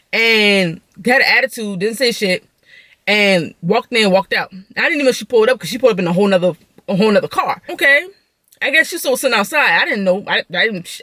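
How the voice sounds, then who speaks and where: Fast-talking, high-voiced man ranting. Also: no echo. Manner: animated, profane, heated retelling. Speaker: vlogger. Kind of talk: casual storytelling rant.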